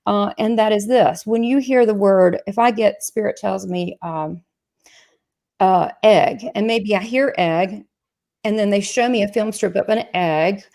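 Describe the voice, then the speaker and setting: A woman with a Southern US accent hosting a live chat show, chatty and excitable, joking about herself and talking fast through asides. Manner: chatty, excitable, self-mocking, sales pitch asides. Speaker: medium and show host.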